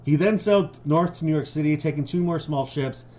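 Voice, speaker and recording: A man co-hosting a casual podcast, reading pirate history out loud and breaking into jokes, laughter and swearing. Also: a little high, fairly quick, low-quality recording. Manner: joking, swears a lot, laughs often. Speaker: podcast co-host.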